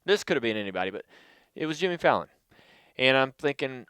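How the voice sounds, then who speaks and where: A man hosting a podcast, telling stories in a relaxed, rambling way. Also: medium pitch, quick pace, clean tone, no room sound. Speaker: podcast host. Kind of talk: casual podcast storytelling.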